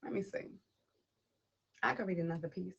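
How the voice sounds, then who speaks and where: A woman's voice: lowish voice, moderate pace, vocal fry, fairly bright tone, slightly rough, dull audio. A woman hosting a poetry livestream who reads a spoken word piece and then chats casually, greeting viewers and people passing by name. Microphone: tablet device.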